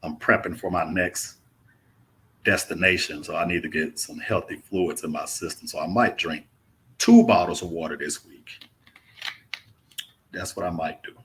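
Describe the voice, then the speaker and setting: A man's voice: sits low, moderate pace, pauses often, a bit bright, slight background noise. A young man from Mississippi with a Southern accent, casually chatting through a livestream Q&A and reading viewer comments aloud. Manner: laid-back, drawling, says "man" often. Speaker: travel vlogger hosting a live Q&A. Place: indoors in a rented apartment.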